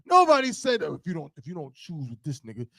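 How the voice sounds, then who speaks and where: A man's voice: a little high, huge pitch swings, fast talker, creaky, dry recording, clean studio sound. A man co-hosting a podcast in casual chat, emphatic and raising his voice to drive a point home. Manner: emphatic, gets loud when making a point. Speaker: podcast co-host.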